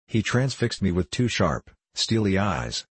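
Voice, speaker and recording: A man narrating an audiobook in a measured, wry storytelling manner. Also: lowish voice, very animated, breathy edge, dry recording.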